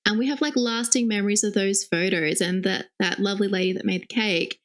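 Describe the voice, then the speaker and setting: A woman's voice: mid-range voice, fairly even intonation, fairly quick. A young woman co-hosting a podcast, reflecting and affirming what her guest says. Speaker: podcast co-host. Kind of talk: conversational podcast interview.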